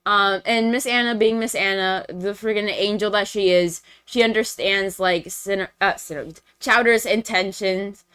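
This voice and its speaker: A woman's voice: mid-range voice, fairly even intonation, normal speed, hardly any pauses, fairly bright tone, smooth. Chatty young woman recapping a movie. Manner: chatty, filler-heavy, slangy. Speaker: streamer presenting to friends.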